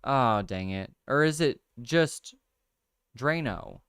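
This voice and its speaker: A young man casually hosting a livestream, thinking out loud over crossword clues, reading viewer comments and laughing often. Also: medium pitch, expressive, slow, clean tone, dry recording, clean studio sound. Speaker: livestream host. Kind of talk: casual chat, solving a crossword with chat.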